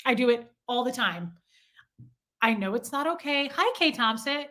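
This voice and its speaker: A young adult woman chatting casually on a live stream, animated and self-deprecating, talking straight to viewers in the chat. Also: on the high side, normal speed.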